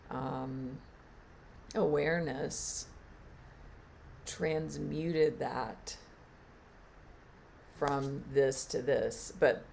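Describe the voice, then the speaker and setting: A woman teacher giving a reflective spiritual talk on a live stream, halting and trailing off with fillers. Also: a bass voice, creaky, darkish tone, slight background noise. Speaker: meditation and Reiki teacher.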